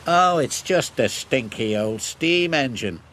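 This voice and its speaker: A man's voice: medium pitch, expressive, takes it slowly, background noise. A man voicing a rude, boastful male diesel engine in a storybook reading, with background music. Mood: sneering. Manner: sneering, boastful.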